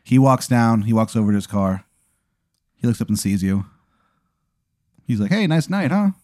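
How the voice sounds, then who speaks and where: A man's voice: lowish voice, steady tone, moderate pace, mellow, no echo, studio quality. A man improvising as game master, rambling through the story with fillers and laughs. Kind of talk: improvised tabletop narration.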